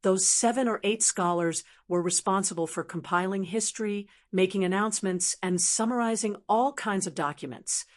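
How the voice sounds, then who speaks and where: A woman narrates an audiobook, reading in an even and measured way. Her voice sits at an ordinary middle pitch.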